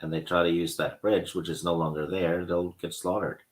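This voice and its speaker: A man's voice: deep voice, flat delivery, fairly quick. A man in a casual book discussion, chiming in with plot points the host skipped. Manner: chimes in with added plot points. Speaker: discussion guest.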